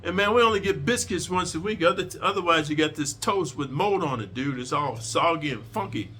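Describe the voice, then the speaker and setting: A man's voice: a little high, animated, a little fast, pushed and bright, a little hiss or hum. A man telling a prison story in a casual, profane, streetwise way, lecturing his listeners.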